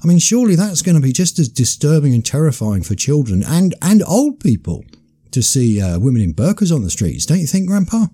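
Mellow, indignant man. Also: a little high, very animated, slightly rough. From Britain. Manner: earnest, indignant, measured. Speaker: podcast co-host. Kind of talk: casual opinion chat.

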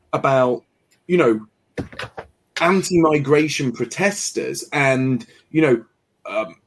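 A man hosting a casual discussion show, talking in an animated, sarcastic and indignant way. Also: a little high, slightly rough. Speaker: show host.

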